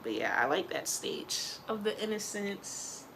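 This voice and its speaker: A woman vlogging in a casual chat, her bright, sharp voice swooping high and low as she talks. Her delivery is animated and playful, with slangy asides and a gravelly fry at the ends of phrases. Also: a little slow, a little hiss or hum.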